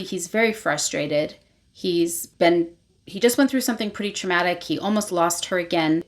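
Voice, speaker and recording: A woman hosting her own channel, giving a casual spoken recap of a novel and retelling scenes loosely with plenty of fillers. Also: lowish voice. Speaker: book reviewer, channel host.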